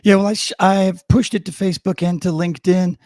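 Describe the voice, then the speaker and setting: This middle-aged man co-hosts a live stream, chatting casually and rambling with plenty of fillers and restarts, then slipping into a mock news-anchor voice for the headlines. His voice is high-pitched, fairly quick, a little mellow, and fairly even in intonation, captured dry and clean in a studio.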